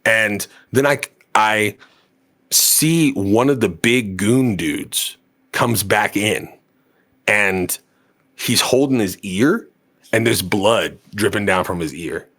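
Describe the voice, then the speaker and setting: A man's voice: fairly low pitch, slow pace, fairly bright tone. A man co-hosting a podcast, telling a story in casual chat, rambling and full of fillers and swearing. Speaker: podcast co-host.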